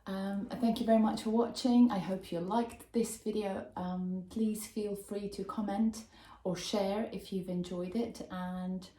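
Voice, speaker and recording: A woman's voice: medium pitch, steady tone, measured pace, warm tone. A young woman teaching a vocabulary lesson, explaining patiently and checking in with "okay?". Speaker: English teacher. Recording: roomy echo.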